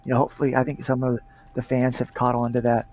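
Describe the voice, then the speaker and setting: With a crowd behind him, a man speaks quickly in a mid-range, completely flat voice. He's a comic creator and pastor, a livestream guest who chats casually and rambles with many fillers.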